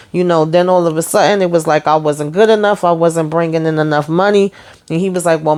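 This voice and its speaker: A woman recapping a TV episode in casual chat, filling her retelling with "you know" and acting out the characters' lines. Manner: gets loud and high-pitched when excited. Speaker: TV recap host.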